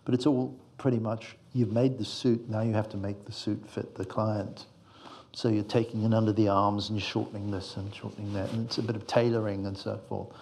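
A man's voice: lowish voice, flat delivery, fairly quick, gravelly, a little mellow. A male screenwriter giving reflective, meandering interview answers, fond of analogies.

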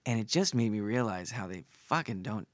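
A man chatting casually as a guest, rambling and animated as he tells stories, often restarting his sentences. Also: fairly low pitch, a little fast, no echo, clean studio sound. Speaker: guest, actor. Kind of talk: casual podcast chat.

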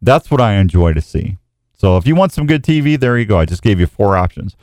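A man's voice: lowish voice, big pitch swings, fairly quick, darkish tone, dry recording, clean studio sound. A man hosting a casual radio show, joking and rambling.

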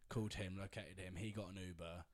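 A man's voice: deep voice, fairly even intonation, a little fast. A man telling a long rambling anecdote in casual chat, with lots of fillers and laughter. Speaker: storyteller guest.

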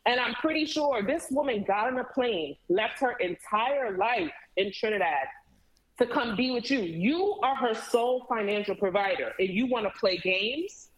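A woman with a fairly high voice, chatting casually and retelling a story with plenty of emphasis. She slips into the voices of the people she quotes and keeps the telling lively and emphatic. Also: normal speed, echoey room, rough recording. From Caribbean family background.

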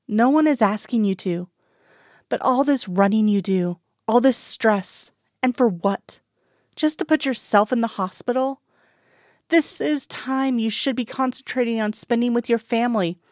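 A woman reading the part of a worried older mother, soft-voiced but insistent and pleading. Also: on the high side, a little slow, no room sound, studio quality, voice pushed up, close to an everyday voice.

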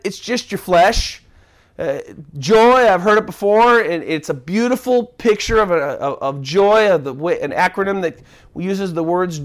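A man preaching a sermon as pastor, earnest, often repeating and restarting his words. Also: sits high.

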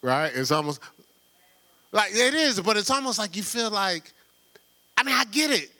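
A man preaching a sermon in a loose, conversational way, full of rhetorical questions and quick laughs. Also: high voice, lively intonation, pushed and bright. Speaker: pastor.

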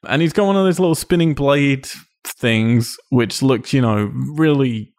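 A man co-hosting a casual film chat, animated, swearing and laughing often. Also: medium pitch, measured pace. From England. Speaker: podcast co-host reviewing a film.

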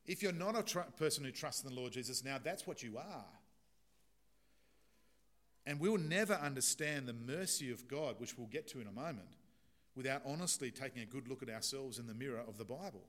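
A man's voice: mid-range voice, expressive, brisk, a bit bright. A man preaching a sermon in an earnest, emphatic way, illustrating points with a story.

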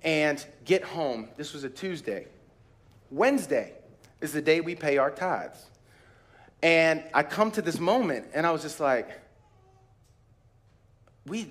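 Man, pastor, high voice, animated storytelling sermon, acts out voices, shouts praise. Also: moderate pace. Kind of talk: sermon with personal stories. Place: church retreat.

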